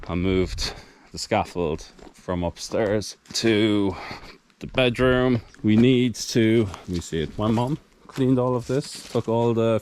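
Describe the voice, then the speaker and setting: Working on his farmhouse renovation, partly on a roof outdoors, a tired, breathless man chats casually to the camera. He speaks plainly and rambles, fixing his own words as he goes. The voice is lowish and darkish, with a faint hiss or hum.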